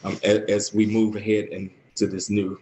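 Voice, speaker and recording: A man hosting a radio talk show, soft-spoken, reading listener comments aloud. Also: fairly low pitch, completely flat delivery, normal speed, a little hiss or hum, poor audio. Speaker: radio host.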